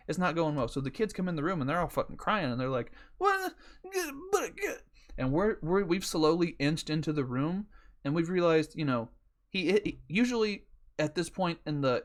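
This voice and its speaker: Profane storytelling podcast guy. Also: fairly high pitch. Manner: profane, rambling, joking. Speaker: podcast host. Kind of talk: casual storytelling.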